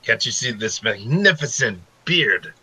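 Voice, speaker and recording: A man's voice: medium pitch, expressive, measured pace, breathy edge, dry recording, full character voice, poor audio. Man playing a boisterous bearded pirate. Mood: boastful. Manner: loud, grandiose boasting.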